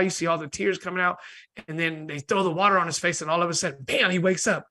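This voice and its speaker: Husky, bright-voiced man telling a story. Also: high-pitched, fast talker. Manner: lively, laughs often, acts out voices. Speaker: guest. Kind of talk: animated storytelling in conversation.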